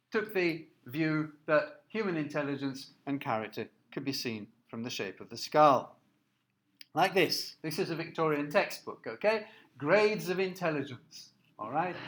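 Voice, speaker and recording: Halting lecturer, fairly high male voice. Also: a bit bright. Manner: halting, many fillers and restarts; explanatory, asks listeners to look at slides. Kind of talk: recorded lecture.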